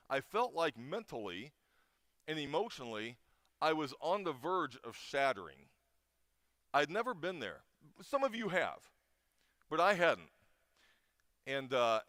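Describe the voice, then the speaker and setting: A man's voice: on the high side, fairly bright tone, dry recording, studio quality. A middle-aged man giving an informal chapel talk, telling a personal story with feeling and frequent restarts. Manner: emotional storyteller with many restarts. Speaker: chapel speaker.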